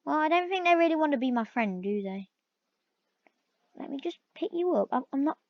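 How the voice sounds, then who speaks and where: A woman's voice: high-pitched, expressive, fairly quick, dry recording. A woman giving casual gameplay commentary, chatting to in-game animals and breaking into surprised exclaims. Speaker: gaming video host. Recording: dull lo-fi recording, dry.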